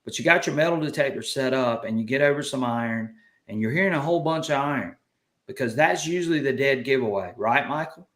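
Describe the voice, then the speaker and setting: A man's voice: medium pitch, expressive, fast, fairly bright tone, roomy sound. A man with a Southern US accent hosting a casual live chat, folksy and upbeat as he reads out viewer comments. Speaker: livestream host.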